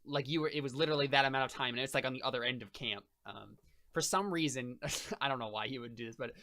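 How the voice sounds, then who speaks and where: A man's voice: medium pitch, fast, pushed and bright. A man narrating as game master of a tabletop role-playing game, rambling with lots of fillers and restarts.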